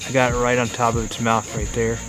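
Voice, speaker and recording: A man talks casually to his viewers while fishing outside by a pond, easygoing and chatty, with a middle-pitched voice. His delivery is loose, full of ums and uhs. Faint music and crickets sit behind him. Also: little pitch movement, a little fast. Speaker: fishing vlogger. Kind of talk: casual vlog talk to viewers. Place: outdoors by a pond.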